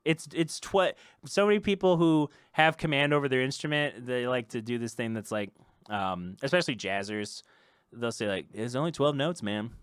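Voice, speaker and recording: A man's voice: mid-range voice, normal speed, a bit bright, clean tone, dry recording, clean studio sound. A young man hosting his own podcast, ranting off the cuff with laughter and exasperation. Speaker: podcast host and musician.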